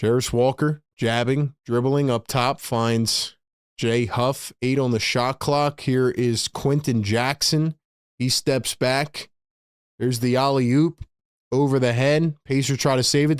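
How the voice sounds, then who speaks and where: A man's voice: medium pitch, fairly even intonation, smooth, no room sound, studio quality. Chatty man calling a game live. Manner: fast, chatty, laughs often, reads viewer messages. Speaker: host and play-by-play caller. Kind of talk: live fan play-by-play and chat.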